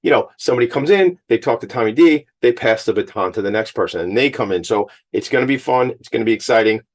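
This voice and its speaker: A man's voice: mid-range voice, expressive. A man hosting a radio talk show on location, speaking with effusive enthusiasm. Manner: enthusiastic, effusive, rapid talker. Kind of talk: casual radio interview. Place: on location at a high school.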